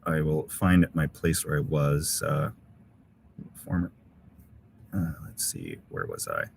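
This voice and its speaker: A man's voice: very deep voice, big pitch swings, takes it slowly, creaky, a little hiss or hum. A middle-aged man hosting a casual live stream from a winter campsite, reading out viewer comments and thanking people with lots of uhs and ums. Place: outdoor winter camp in severe cold.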